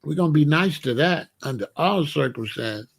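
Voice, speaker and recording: A man's voice: fairly high pitch, normal speed, gravelly, slightly rough. A man giving casual, slangy commentary, often acting out the people he talks about. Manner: animated, slangy, acts out quoted voices.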